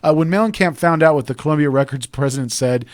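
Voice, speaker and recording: A man's voice: a little high, fast. A man hosting a talk radio show, chatting casually and rambling into digressions.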